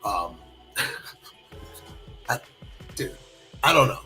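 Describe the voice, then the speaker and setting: A man's voice: medium pitch, big pitch swings, extremely slow, pushed and bright, soft background music, rough recording. A man co-hosting a podcast, telling a crude story in a rambling, casual way full of fillers, on a built-in device mic. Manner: rambling, many fillers and acted-out quotes. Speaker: podcast co-host. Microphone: built-in device microphone.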